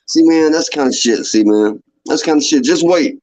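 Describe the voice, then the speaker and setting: A man's voice: fairly high pitch, moderate pace, a little mellow. A man on a podcast, chatting casually and swearing a lot as he mock-scolds a friend. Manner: profane, mock-outraged ribbing. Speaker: podcast co-host. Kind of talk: casual chat. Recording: dull lo-fi stream audio.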